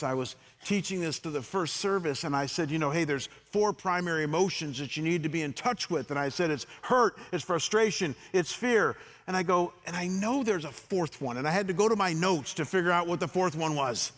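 A middle-aged male pastor preaches a candid, story-driven sermon, his fairly high voice carrying through a church hall with a long, lingering reverb. He swings from loud re-enactments to quiet, reflective stretches. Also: fairly quick. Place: church sanctuary.

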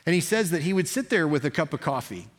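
A pastor giving a sermon in an energetic, conversational way, often restarting his sentences. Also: fairly high pitch, fast, big-room sound.

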